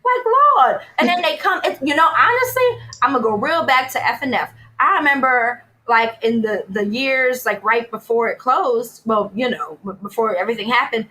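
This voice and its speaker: A woman, a guest telling wry, animated stories in casual chat. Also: a little high, moderate pace, hardly any pauses, poor audio. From New Orleans, USA. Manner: animated, wry, laughing asides. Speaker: guest, food writer.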